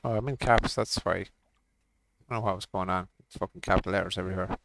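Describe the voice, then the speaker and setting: A man's voice: low-pitched, fairly even intonation, quick pace, vocal fry, a bit bright, slight background noise. Man chatting on a game stream. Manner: chatty, swears casually, laughs often. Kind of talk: casual gaming stream chat.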